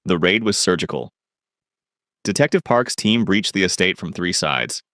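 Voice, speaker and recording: A man's voice: sits low, expressive, normal speed, a bit bright, no room sound, studio quality. A man narrating a dramatic crime romance story.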